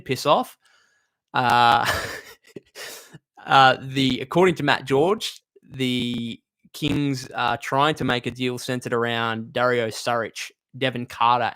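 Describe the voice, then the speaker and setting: Male streamer, medium pitch, casual fan chat, heart on sleeve, lots of self-corrections. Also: fairly bright tone. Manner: chatty, emotional, thinks aloud with restarts. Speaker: live stream host. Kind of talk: casual live-stream basketball talk, reading chat comments.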